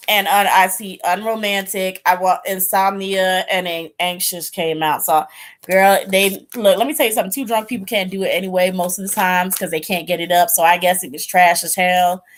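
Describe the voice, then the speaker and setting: A woman's voice: mid-range voice, normal speed. Chatty woman gossiping to camera. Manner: animated gossipy storytelling with slang asides. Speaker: tarot reader and channel host. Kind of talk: casual chat to camera.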